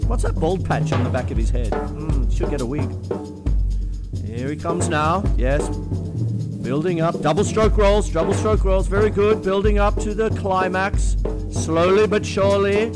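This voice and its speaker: A man's voice: high-pitched, unhurried, loud music behind the voice, pitched above the performer's own voice. A man voicing a cheeky, crude male commentator, giving a mocking running commentary at a drum contest. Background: loud live drum kit.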